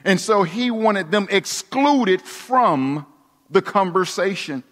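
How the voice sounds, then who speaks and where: A man preaching a sermon, dramatic, dropping to hushed tones and rising again for emphasis. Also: high-pitched, expressive, slow pace. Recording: long reverb of a large hall.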